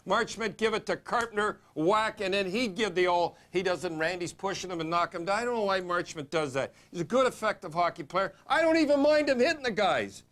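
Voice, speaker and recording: A man with a notably high voice delivers hockey commentary on a TV segment. He is blunt and opinionated and rattles his points off quickly, scolding and cheering by turns. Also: animated, fairly bright tone. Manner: blunt, opinionated, fast-talking.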